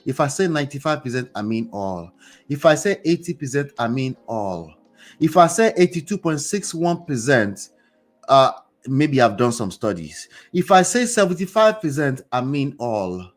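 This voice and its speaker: A man hosting a motivational commentary show, speaking straight to his viewers in a preachy, animated way. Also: medium pitch, moderate pace, soft background music. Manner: preachy, animated, talks to the audience directly. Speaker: host.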